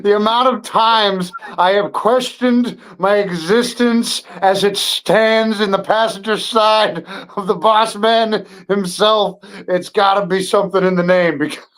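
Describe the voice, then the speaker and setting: A man co-hosting a casual podcast, talking haltingly with many restarts. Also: sits high, fairly even intonation, fairly bright tone.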